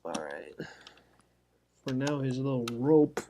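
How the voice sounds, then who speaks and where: A man from South Florida colors on stream, chatting goofily to himself and his viewers in a rambling way, with sound-effect words thrown in. His medium-pitched voice is sing-song and unhurried. Background noise can be heard.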